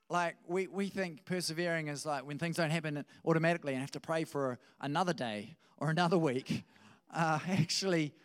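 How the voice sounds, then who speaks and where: A male pastor giving a conversational sermon, telling stories with frequent restarts. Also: fairly high pitch.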